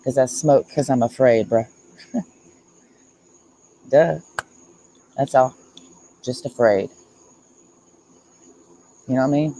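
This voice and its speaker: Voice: mid-range voice, slow, long pauses, dark tone, slight background noise, poor audio. A streamer talking in a casual livestream monologue, earnest and repetitive, speaking emphatically and confessionally.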